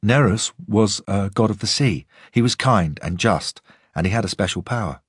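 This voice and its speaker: Wren is a sharp, eager young policewoman, brisk and teasing, quick to insist on getting her way, as a male narrator voices her. The voice sits a bit higher than his own but keeps a husky grain. It is close and dry, an audiobook read. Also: expressive, no echo. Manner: brisk, self-satisfied, insistent.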